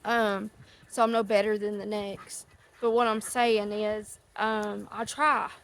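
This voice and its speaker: With a medium-pitched voice that barely moves in pitch, a middle-aged woman slowly hosts a casual outdoor chat before a live audience. She wanders off topic easily and rambles, ducks quacking nearby.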